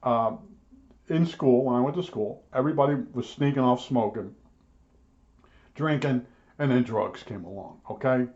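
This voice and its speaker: An older man rambles through stories in a blunt, grumbling tone, often stopping to restart his sentences. His voice sits at an ordinary male pitch. The home video audio sounds dull and lo-fi. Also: normal speed, long pauses, a little mellow. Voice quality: blunt, grumbling, repeats himself with frequent restarts. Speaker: electronics repairman vlogger. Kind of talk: rambling storytelling rant.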